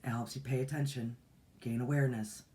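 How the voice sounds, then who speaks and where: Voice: mid-range voice, steady tone, brisk, warm tone. A host in their forties chats on a livestream about meditation and spiritual practice. The delivery is folksy and rambling, full of restarts and asides to viewers. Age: 40s. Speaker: meditation teacher and channel host. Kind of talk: casual livestream talk.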